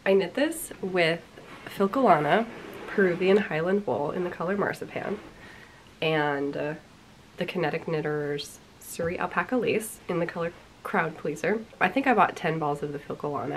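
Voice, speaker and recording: A woman's voice: deep voice, slight background noise. A young woman hosting a knitting podcast, chatting casually and a bit self-deprecatingly while congested from a cold. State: congested, sick voice. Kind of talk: casual chat.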